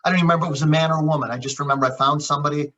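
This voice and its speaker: A man's voice: a little high, fairly even intonation, very fast, bright, forceful tone. A middle-aged man, a chiropractor guest, telling a story in conversation and acting out the dialogue with frequent repeats. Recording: dull lo-fi audio.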